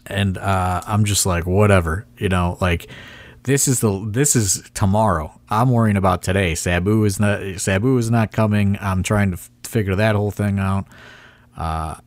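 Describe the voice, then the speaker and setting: A man's voice: fairly low pitch, moderate pace, no room sound. A man hosting a podcast and rambling through a story, full of "like" and "you know". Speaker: wrestling promoter and podcast host. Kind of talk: casual storytelling chat.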